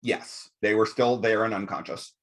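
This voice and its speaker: A man's voice: fairly low pitch, moderate pace. A man hosting as game master, recapping and running a tabletop roleplaying game with frequent ums and uhs. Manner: relaxed, many ums and uhs.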